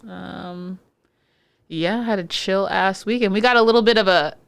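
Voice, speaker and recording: A woman's voice: mid-range voice, moderate pace, vocal fry, clean tone, no room sound. A woman co-hosting a podcast in casual chat, with wry, sarcastic quips. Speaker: podcast co-host.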